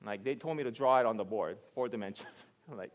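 A man preaching a sermon, reasoning aloud and building to loud, emphatic passages. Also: fairly low pitch, brisk. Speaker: pastor. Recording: long hall reverb.

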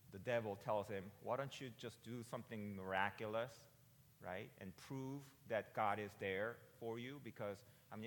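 A pastor in his forties preaching a sermon in a conversational way, often asking "right?" and rising to loud, emphatic peaks. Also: lowish voice, in a large hall. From United States. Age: 40s.

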